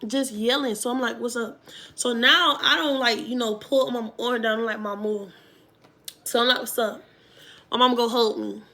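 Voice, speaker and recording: A woman vlogger telling a storytime to her viewers in a casual, animated way, with emphatic loud bursts. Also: on the high side, moderate pace.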